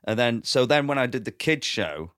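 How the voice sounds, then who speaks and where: A man's voice: medium pitch, moderate pace, no echo, studio quality. A man, telling stand-up stories in a casual podcast chat, acting out quotes and laughing often. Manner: animated storyteller, acts out quotes, laughs often. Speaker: comedian guest.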